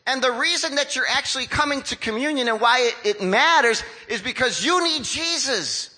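A man around sixty preaching a sermon as a pastor, in a conversational, lively way that acts out the voices of the people he describes. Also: very high-pitched, normal speed, rough recording.

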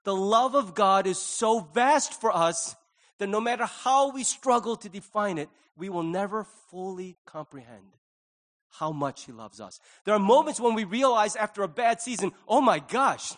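High-voiced earnest male pastor preaching. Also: expressive, normal speed. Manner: earnest, swings from hushed to loud. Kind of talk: sermon.

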